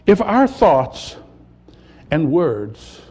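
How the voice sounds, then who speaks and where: A man preaching a sermon, building to impassioned peaks and dropping to quiet, reflective lines. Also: a little high, sing-song, very slow, slightly rough. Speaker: pastor.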